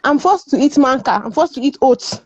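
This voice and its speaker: A woman's voice: high voice, animated, brisk, no room sound, highs cut off. A woman from Nigeria, speaking as a guest in a casual discussion. She is emphatic, repeats words and laughs often. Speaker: guest panelist.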